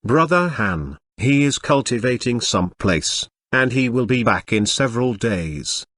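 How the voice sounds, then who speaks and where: A man's voice: medium pitch, lively intonation, a little slow, fairly bright tone, no room sound, clean studio sound. A synthetic male voice reading a hesitant flight attendant.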